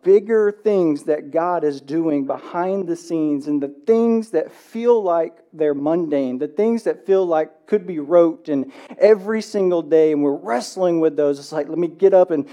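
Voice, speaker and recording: Male pastor, high voice with a warm, dark tone. Animated storyteller who prays softly. Sermon in a church. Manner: animated storytelling, acts out movie dialogue; drops to a hushed, slow voice in prayer. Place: church sanctuary.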